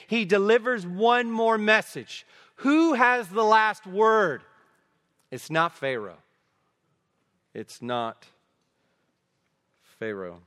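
A pastor preaching a sermon, emphatic, building to forceful peaks and dropping low at the ends of phrases. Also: male voice, lively intonation, measured pace. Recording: long reverb of a large hall.

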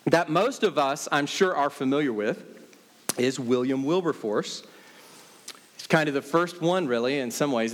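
A man's voice: a little high, long reverb tail. A man preaching a sermon as pastor, emphatic and repeating key phrases for stress.

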